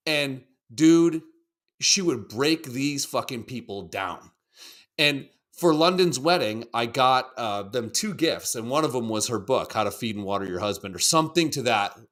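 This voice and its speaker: A man in his thirties co-hosting a podcast at a middle pitch. He rambles and swears freely, restarting his sentences often. He acts out the people he talks about in put-on voices. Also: expressive, measured pace, a bit bright. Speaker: podcast co-host. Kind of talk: casual chat.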